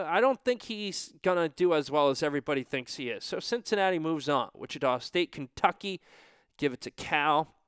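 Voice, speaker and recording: A young man with a fairly high, smooth, clear voice thinks aloud in a loose, offhand way, hmming between picks. The sound is close and dry, with no room around it. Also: a bit bright, no room sound. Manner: offhand, talking to himself while filling out a bracket. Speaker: bracket picker. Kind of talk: casual solo commentary.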